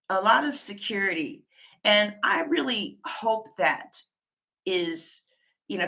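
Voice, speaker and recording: Bright-voiced chatty woman tarot reader. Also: on the low side. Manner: chatty, thinks aloud, trails off and restarts. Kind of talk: live-stream tarot reading, chatting with viewers.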